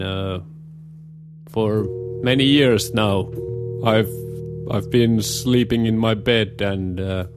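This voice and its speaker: A young man with a Scandinavian accent, talking in a casual, rambling way and pausing often on filler sounds. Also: on the low side. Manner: hesitant, many filler pauses. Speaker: show host. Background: guitar music.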